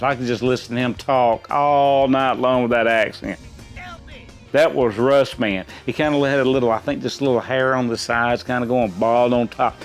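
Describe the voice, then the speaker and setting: A middle-aged man rambles through his answers in a folksy, easygoing way, stopping and restarting often. His pitch sits in an ordinary middle range, with soft music playing faintly behind him. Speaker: quiz contestant. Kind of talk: casual chat.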